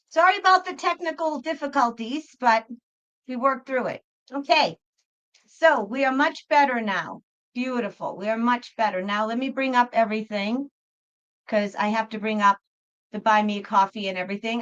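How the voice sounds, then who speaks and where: A woman hosting a live tarot stream from home, talking casually into a computer mic. Her voice sits a little high, and the sound is dull and muffled. She chats freely, apologizing often and repeating herself with plenty of fillers. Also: normal speed, fairly bright tone. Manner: chatty and apologetic, with frequent fillers and self-repeats. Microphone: computer microphone.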